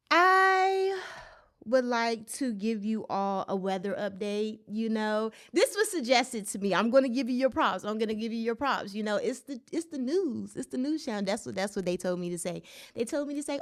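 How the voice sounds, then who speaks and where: A woman's voice: fairly high pitch, lively intonation, moderate pace. A woman hosting a solo podcast, ranting in casual commentary with incredulous, profane outbursts and speech. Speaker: podcast host.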